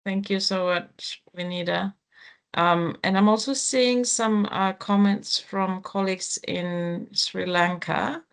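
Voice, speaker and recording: A woman's voice: medium pitch, fairly even intonation, slow, gravelly, smooth. A woman moderating an online panel discussion over a video call, speaking conversationally with frequent ums and restarts. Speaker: webinar moderator.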